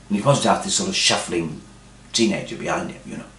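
A man's voice: low voice, quick pace, fairly bright tone, reverberant. A man telling a dry, rambling comic story. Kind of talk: comic monologue.

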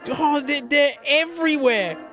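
A man's voice: very high voice, measured pace. An Australian man hosting a casual vlog as he walks through a music store, gushing over what he sees and calling everyone "mate". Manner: excitable, gushing, says "mate" constantly. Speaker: vlog host. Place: indoor music store, walking around.

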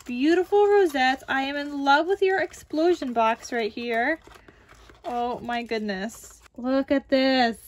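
A woman's voice: high voice, slow. A woman hosting a crafting vlog, gushing and exclaiming often as she unboxes supplies. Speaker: crafting channel host.

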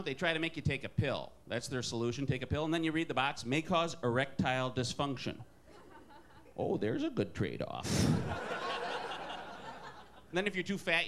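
A man from Wisconsin doing a wry, self-deprecating stand-up comedy set, jumping into high put-on voices for characters. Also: a bit bright, slight background noise.

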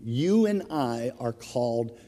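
A man preaching a sermon as minister of his church, telling a funny everyday story in a relaxed, conversational way. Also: mid-range voice, takes it slowly, in a large hall. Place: church sanctuary.

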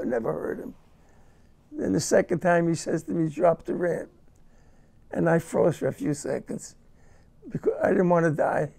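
An older man, a war veteran being interviewed, recalling his experiences in a halting, emotional way and repeating words. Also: on the high side, vocal fry, darkish tone. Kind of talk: first-person war recollection.

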